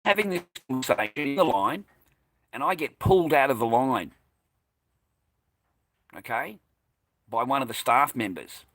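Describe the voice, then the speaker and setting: A man's voice: mid-range voice, lively intonation, normal speed, long pauses, fairly bright tone, no echo. An Australian man telling a personal story in a casual, profane, combative monologue. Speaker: vlogger recounting a personal incident.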